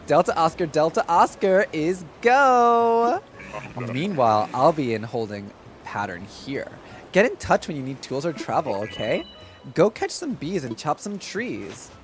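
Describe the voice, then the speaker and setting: A streamer doing a macho dude-bro radio pilot. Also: male voice, mid-range voice, very animated, moderate pace, faint music behind, natural voice. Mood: mock macho. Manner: mock-masculine radio chatter.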